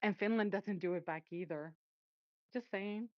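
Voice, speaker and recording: A woman's voice: medium pitch, moderate pace, no echo. A woman from Sweden, chatting casually and mocking the news with a giggle, heard over a dull lo-fi call. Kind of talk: casual geopolitical chat.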